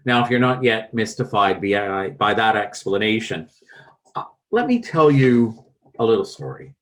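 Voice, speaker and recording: A man with a Canadian accent preaching a sermon in a church, gentle and reflective. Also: very animated. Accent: Canadian English. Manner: slow, gentle and reflective with wide swings in pitch and loudness. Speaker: pastor.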